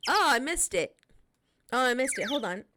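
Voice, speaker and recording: A woman streamer chatting casually with her viewers, in a chatty, relaxed and apologetic manner. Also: high voice, moderate pace, noisy background. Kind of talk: casual live-stream chat.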